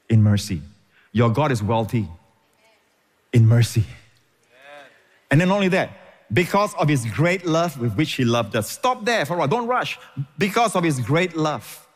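A man's voice: medium pitch, long reverb tail. A man preaching a sermon as pastor, emphatic and repeating phrases for stress.

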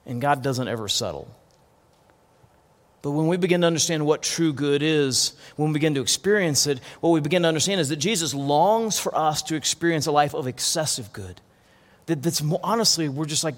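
A man's voice: fairly high pitch, fairly quick. A man preaching a sermon as pastor, earnest, often restarting and repeating words. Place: church hall. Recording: long hall reverb.

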